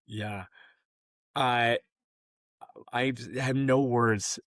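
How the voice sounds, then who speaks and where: An excitable podcast host, a man of middle pitch who laughs easily and talks in loose, rambling sentences. His voice sits right up on the mic, dry and close. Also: very slow, no room sound. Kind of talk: casual conversational interview.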